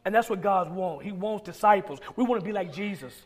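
A man's voice: high voice, animated, fairly quick. A male pastor preaching a sermon, emphatic and repetitive, firing off rhetorical questions.

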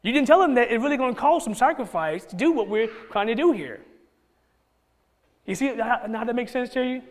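A man pastor preaching a conversational sermon to his church, with many restarts and bursts of excitement. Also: very high-pitched, brisk, long reverb tail. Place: church sanctuary.

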